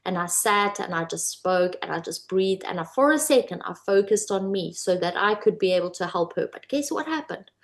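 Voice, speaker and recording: A woman coaching viewers on manifesting in a casual, animated talk to camera, often calling them "you guys". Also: mid-range voice, moderate pace, hardly any pauses. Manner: animated, addresses viewers as "you guys", acts out quoted voices.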